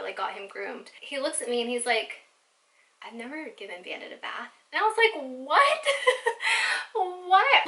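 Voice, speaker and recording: A woman's voice: a little high, sharp tone. A woman vlogger telling a personal story in a chatty storytime style, filling her sentences with casual fillers.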